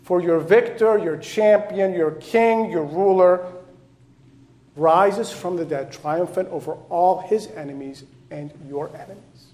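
Man preaching, high-pitched, slow and fervent. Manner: impassioned, swinging between soft low passages and loud rising repetitions. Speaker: pastor. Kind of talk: sermon.

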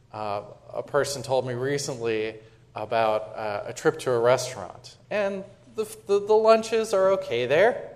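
Conversational pastor, slightly high voice. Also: male voice. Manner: conversational, self-interrupting with repeated words and fillers; dramatic recitation of quoted verse. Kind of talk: sermon.

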